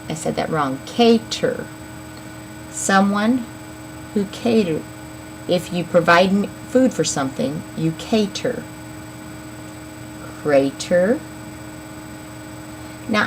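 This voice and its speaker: A woman teaching young children a phonics lesson, slowly sounding out words and counting syllables. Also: fairly low pitch, background noise. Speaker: elementary school teacher.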